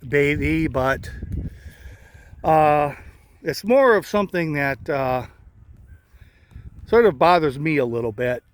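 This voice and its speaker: Man vlogger, slight lisp, slow rambling talk, somewhat high voice. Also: lively intonation, a little hiss or hum. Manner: slow, rambling, many uh fillers. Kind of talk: casual vlog talk.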